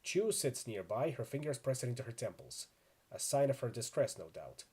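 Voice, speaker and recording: A man's voice: medium pitch, very animated, moderate pace, darkish tone, breathy edge. A man reading a video game's story text aloud and adding casual player asides. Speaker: let's play narrator.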